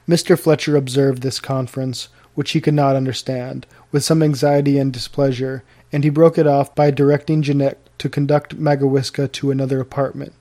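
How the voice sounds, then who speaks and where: A man narrating an audiobook of a historical novel in a steady, formal storytelling manner. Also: mid-range voice, normal speed, hardly any pauses.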